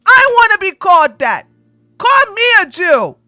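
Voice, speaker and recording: A woman host doing live-stream commentary in an animated, sarcastic way, often breaking into laughter. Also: very high voice, a little slow, dry recording, studio quality.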